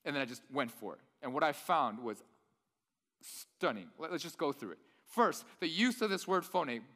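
A man's voice: fairly high pitch, expressive, normal speed, fairly bright tone. A man preaching a sermon in a church hall, talking in an enthusiastic, nerdy, conversational way. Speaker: pastor.

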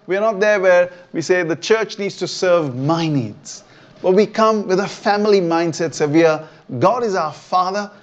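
A man with a high voice preaches to an online church. He talks in a loose, conversational way and keeps checking in with his listeners. The recording sounds dull and lo-fi. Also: a little mellow. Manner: conversational, checks in with "okay?" often. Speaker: pastor. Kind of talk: sermon. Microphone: online church stream.

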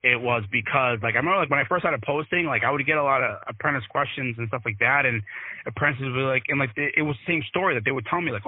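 Male electrician guest, animated and profane storyteller, over a tinny phone-quality line. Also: medium pitch, fast. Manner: animated, profane, with many restarts. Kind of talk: casual storytelling interview.

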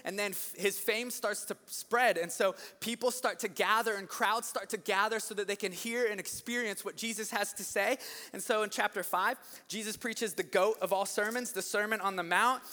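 A man preaching an energetic sermon, telling the story with animated delivery that climbs into shouts. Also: high-pitched, moderate pace. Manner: animated storytelling, acts out voices, rising to shouts. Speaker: pastor. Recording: long hall reverb.

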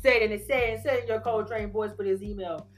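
A man's voice: high-pitched, steady tone, fast talker, faint music behind. A man voicing an angry, betrayed longtime male fan who scolds and rants in slang. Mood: ranting. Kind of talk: reading an email aloud in character.

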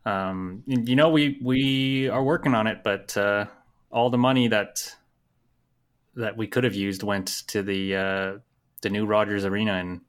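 Laid back canadian guy hosting a podcast, lowish voice, lots of uh and you know. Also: steady tone. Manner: easygoing, halting, with short agreeing replies. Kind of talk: casual podcast chat.

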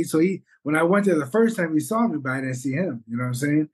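A man co-hosting a podcast, telling a story in an animated, rambling way and swearing often. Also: a little high, a little fast, hardly any pauses, husky. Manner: animated, rambling, swears, says "bro" and "you know what I'm saying". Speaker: podcast co-host. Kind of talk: casual storytelling chat.

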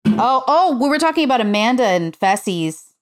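A woman's voice: on the high side, big pitch swings, moderate pace, slight background noise. A woman chatting casually on a podcast, gossipy, with lots of "like" and casual swearing. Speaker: podcast co-host. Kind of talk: casual chat about a reality show.

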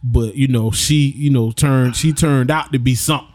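A young man chatting on a podcast, brash and slangy, telling his own story with lively energy. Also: mid-range voice, moderate pace. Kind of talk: casual storytelling chat.

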